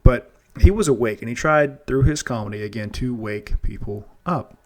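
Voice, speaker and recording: A man's voice: mid-range voice, normal speed, a little mellow. A man hosting a casual monologue show, rambling and earnest, often restarting and repeating words. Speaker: podcast host.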